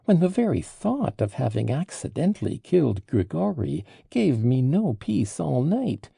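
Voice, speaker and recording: A man's voice: on the high side, big pitch swings, a little slow, vocal fry, dark tone, husky, no room sound, clean studio sound, voice pushed up, heavily acted. A man reading an audiobook, voicing an agitated, proud young man under arrest in impassioned, indignant outbursts.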